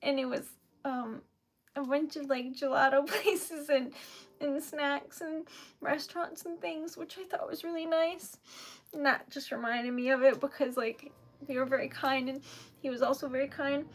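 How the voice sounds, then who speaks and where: A woman's voice: sits high, steady tone, moderate pace. A young woman, chatting casually on a live stream, giggly and emotional with lots of fillers. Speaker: livestreamer.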